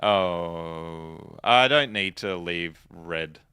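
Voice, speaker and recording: A man's voice: low-pitched, extremely slow, sharp tone, clear, resonant tone, no room sound, studio quality. A man giving casual gameplay commentary, chatting and musing aloud to himself as he plays. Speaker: let's play host.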